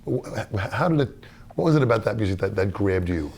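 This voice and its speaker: Low-voiced man interviewing. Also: lively intonation, fairly quick, a little mellow. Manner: encouraging, asks follow-up questions.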